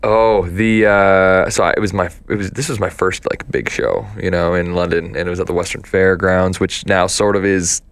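A man's voice: low voice, normal speed, hardly any pauses, smooth, no room sound. A young man chatting as a guest in an interview, telling stories loosely with many fillers and restarts. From Canada. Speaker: guest, country singer and doctor. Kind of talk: casual interview chat.

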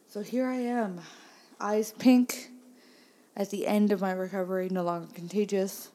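A woman's voice: medium pitch, fairly even intonation, moderate pace, warm tone. Sarcastic, rambling woman podcaster. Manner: sarcastic, profane, rambling complaints. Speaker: podcast host. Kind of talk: casual solo podcast monologue.

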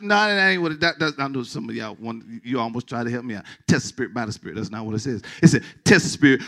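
A middle-aged man preaching a sermon as pastor, animated and emphatic, restarting and repeating words and joking with his congregation. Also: medium pitch, quick pace, creaky, hardly any pauses.

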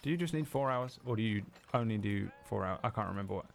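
A man's voice: lowish voice, lively intonation, quick pace, gravelly, slight background noise. Rambling, laid-back male game master. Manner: casual, rambling, laughs often. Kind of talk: running a tabletop game on stream.

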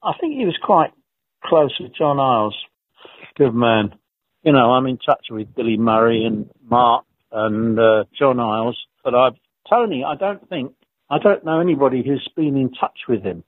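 A man's voice: mid-range voice, normal speed. A man reminiscing in a rambling way about an old colleague, chuckling often and restarting his sentences, heard over a phone line. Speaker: former co-star and guest. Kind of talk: anecdotal reminiscing.

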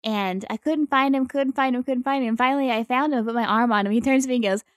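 Lively woman, slightly higher voice. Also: fast, no room sound, clean studio sound. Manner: lively anecdote telling. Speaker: podcast co-host. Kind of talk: casual chat.

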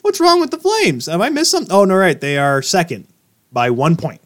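A man co-hosting a hockey podcast in casual, excitable chat. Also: high-pitched, a little fast. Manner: excitable, breaks into shouts and laughs. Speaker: podcast co-host.

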